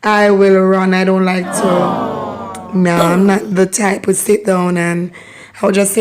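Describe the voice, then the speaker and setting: A Jamaican woman with a hoarse voice hosting a casual patois lesson, chatty and laughing as she repeats phrases for learners. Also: medium pitch, flat delivery, unhurried, background noise. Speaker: host teaching patois.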